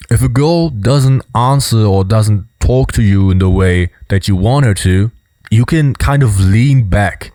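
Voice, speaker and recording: A man hosting a casual video commentary, explaining at an easy pace and filling his talk with "you know" and "right". His voice sits low and sounds dry and close. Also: no echo. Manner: relaxed, explanatory, many fillers. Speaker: host.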